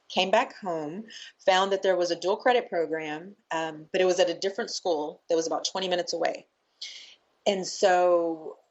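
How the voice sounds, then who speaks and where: A woman with a lowish voice tells a story as a podcast guest, chatty and full of feeling, often slipping into what people said. The sound is a little dull and lo-fi. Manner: emotional, animated storyteller who acts out quoted talk. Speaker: podcast guest, nonprofit founder. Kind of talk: casual interview storytelling.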